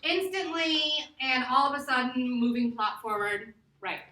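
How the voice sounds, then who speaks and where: A woman teacher giving a classroom lesson, lively and laughing, stretching words out slowly to model them. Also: high-pitched. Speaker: Spanish teacher. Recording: echoey classroom from far off.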